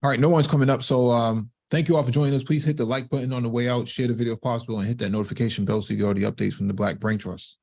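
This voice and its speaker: Male co-host, mid-pitched voice, quick brisk delivery for the sign-off. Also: fairly even intonation, vocal fry, darkish tone. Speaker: podcast co-host. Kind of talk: casual chat and show sign-off.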